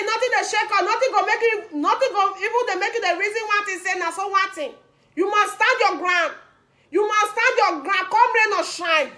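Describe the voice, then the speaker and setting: A woman's voice: extremely high pitch, sharp tone. A young woman with a Nigerian Pidgin accent giving an impassioned activist speech, rousing and repeating lines for emphasis. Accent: Nigerian Pidgin English. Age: young adult. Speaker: activist speaker.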